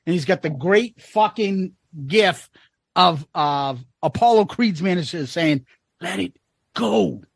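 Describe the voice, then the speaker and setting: Animated male podcast co-host. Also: high voice, measured pace, dry recording. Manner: reads comments aloud with wry asides. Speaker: podcast co-host reading listener comments. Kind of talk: casual podcast chat.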